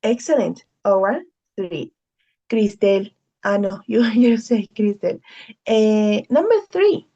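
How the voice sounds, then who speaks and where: Slow, gravelly-voiced teacher. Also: female voice, mid-range voice, warm tone. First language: Spanish. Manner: patient, repeats key phrases, frequent "okay?". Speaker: English teacher. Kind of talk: online class instruction.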